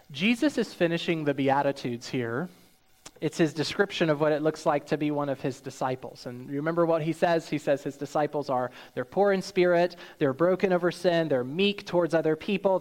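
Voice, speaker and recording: A man preaching a sermon, acting out hyped quotes and then dropping low and soft for the serious points. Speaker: pastor.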